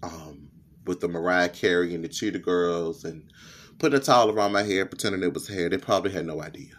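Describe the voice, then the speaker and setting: A man's voice: deep voice, brisk. A young man with a lisp, hosting a candid, profane personal podcast monologue. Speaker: podcast host.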